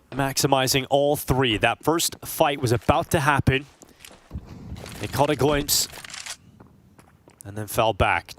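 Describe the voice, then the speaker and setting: A man calling esports play-by-play, his voice climbing in pitch and volume when a big play lands. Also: fairly bright tone, slight background noise. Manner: rises sharply in pitch and volume at big plays. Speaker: esports commentator. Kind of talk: play-by-play commentary.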